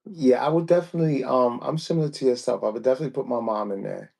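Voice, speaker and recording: Gravelly, measured male podcast host. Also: mid-range voice, a little mellow. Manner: slow, measured questions with fillers. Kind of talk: casual podcast interview.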